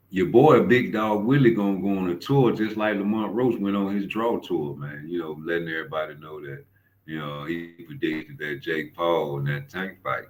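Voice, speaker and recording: A man's voice: low voice, poor audio. A man hosting a boxing commentary show, rambling and profane as he tells stories. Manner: profane, rambling, storytelling with repeated fillers. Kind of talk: casual commentary rant.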